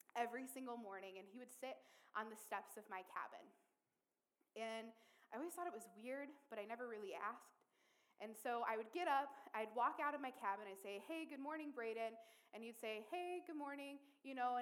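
A young adult woman who directs a junior high camp, telling a heartfelt faith story to an audience in an earnest, animated way.

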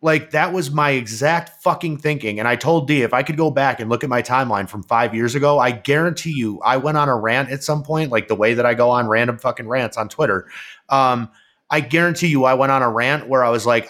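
A man's voice: mid-range voice, fairly quick. A man co-hosting a podcast in casual chat, rambling and swearing freely as he tells stories. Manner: profane, rambling, animated storytelling. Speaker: podcast co-host.

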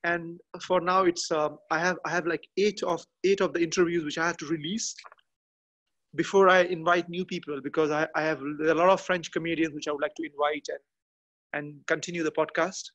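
A man chatting as a podcast guest from a garden outdoors, halting and often restarting as he searches for words. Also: a little high, fairly even intonation, a bit bright, dull audio. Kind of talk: casual interview chat.

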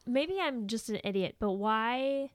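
A woman's voice: fairly high pitch, measured pace, smooth, no room sound, studio quality. A woman co-hosting a casual movie podcast, asking questions and poking fun at herself. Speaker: podcast co-host. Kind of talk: casual chat.

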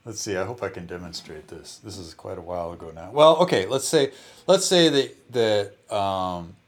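Talking at normal speed with a low-sitting voice, a guitarist lays out his practice approach in a casual interview. His loose phrasing includes restarts and frequent "you know"s.

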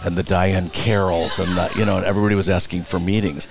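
A man being interviewed, telling theater anecdotes in a blunt, animated way, acting out other people's lines and swearing freely. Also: sits low, fast talker, creaky, a crowd in the background. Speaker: Broadway producer and director, guest. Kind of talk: casual interview storytelling.

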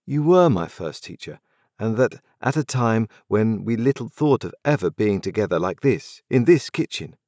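A man's voice: fairly low pitch, sing-song, normal speed, darkish tone, no room sound, clean studio sound, pitched above the performer's own voice. A man voicing an earnest, restless young man in a storybook reading, pleading and impatient. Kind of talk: audiobook character reading.

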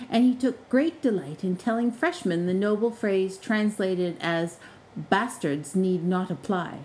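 A woman telling a serialized story with expressive, measured narration. Her voice sits at a middle pitch, shaping each sentence for the listener. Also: slight background noise, poor audio.

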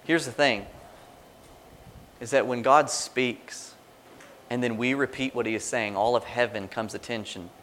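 A man preaching to a congregation in a relaxed, conversational way. He slips into quoted prayers and little acted-out reactions, and his voice sits at an ordinary middle pitch. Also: unhurried, long pauses. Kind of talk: sermon.

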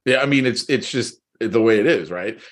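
In a relaxed podcast chat, this middle-aged co-host spins animated stories punctuated by plenty of laughter. He speaks in a lowish register at a moderate pace.

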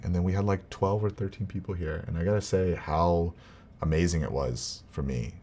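With a low, fairly quick voice, a vlogger dad shares a family story casually and earnestly, wandering along with restarts and soft laughter.

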